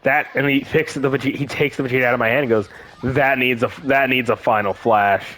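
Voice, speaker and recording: A man's voice: mid-range voice, quick pace. A young man chatting casually as a gaming co-host, telling an anecdote and acting out the quoted voices. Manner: animated storyteller, acting out quotes. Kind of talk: casual chat.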